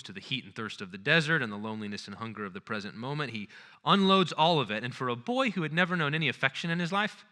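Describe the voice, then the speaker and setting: Earnest man lecturing, bright sharp tone. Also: medium pitch, long reverb tail. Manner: earnest, storytelling, checking in with the audience. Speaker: conference lecturer. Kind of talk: lecture on literature and faith.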